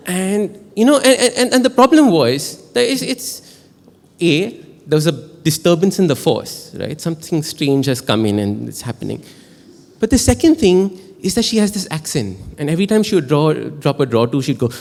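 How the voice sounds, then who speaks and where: A man with an Indian English accent telling a personal story at a live storytelling show, chatty and animated, often asking the audience questions. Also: a little high, normal speed, creaky, big-room sound. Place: stage in a performance hall.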